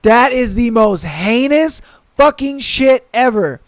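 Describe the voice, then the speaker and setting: A man hosting a podcast, reading listener stories and reacting with blunt, profane, animated comments. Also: very high-pitched, slow pace, no room sound. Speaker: podcast host. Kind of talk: casual reaction to read-out stories.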